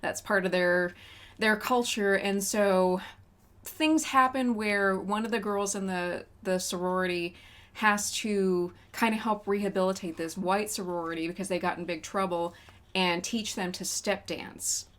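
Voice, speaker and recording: A woman co-hosting a podcast, chatting casually about movies in an animated way and laughing often. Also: mid-range voice, a little slow. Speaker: podcast co-host.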